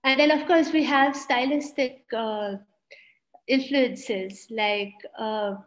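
A woman's voice: a little high, fairly even intonation, slow pace, poor audio. A woman with an Indian English accent presenting on a panel, chatty and full of fillers.

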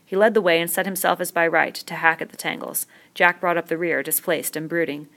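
A woman reading a novel aloud in a steady, measured narration. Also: on the low side. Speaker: audiobook reader.

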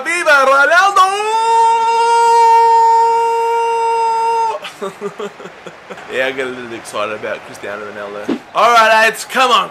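A young man talks his viewers through a football video game in a high, lively voice. His tone is bright and sharp, and he breaks into excited yells whenever a chance comes close, with faint music playing underneath. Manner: chatty, addresses viewers as lads. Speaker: gaming YouTuber. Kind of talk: live video game commentary.

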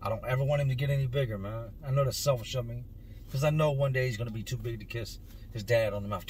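A man's voice: medium pitch, fast talker, darkish tone, a little hiss or hum. A man in his thirties, a vlogger, telling his own story to camera in an earnest, emotional way, stretching words for emphasis.

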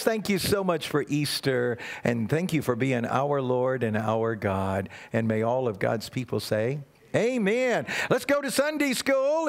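A man's voice: high-pitched, vocal fry. A man leading a church service as guest pastor, telling a playful children's story and leading the congregation. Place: church sanctuary.

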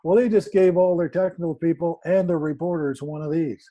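A man with a husky, mellow voice and a fairly high pitch tells a story casually. He acts out every quoted line and jumps his pitch to play each person. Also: a little fast. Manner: animated, acts out quoted dialogue. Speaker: guest speaker.

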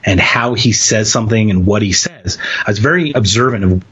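A man from Philadelphia, an interview guest, telling a personal story in a lively way and acting out the quoted voices. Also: fairly low pitch, fairly quick, breathy edge, highs cut off. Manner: animated storyteller, acts out quotes.

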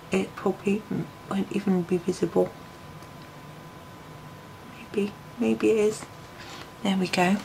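A woman talks through a colouring tutorial, musing aloud and thinking over each choice as she goes. Her voice sits at an ordinary pitch with a gravelly, creaky edge. A faint noise floor hums under the recording. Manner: chatty, musing to herself, frequent ums.

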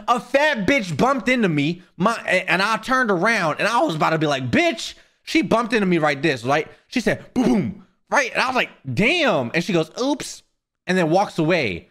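A man streaming live, chatting casually with viewers and ranting in a profane, animated way. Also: sits high, normal speed, hardly any pauses.

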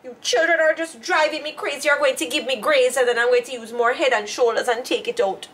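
A woman's voice: high voice, fairly even intonation, brisk, a bit bright. A woman voicing a strict churchgoing mother who scolds her children and calls on the Lord. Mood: scolding.

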